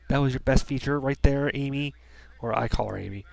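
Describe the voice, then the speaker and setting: A man's voice: mid-range voice, fairly quick, creaky, no room sound. Rambling man reviewing a movie. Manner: rambling, with frequent restarts and fillers. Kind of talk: casual spoken review. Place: room at home by a heater.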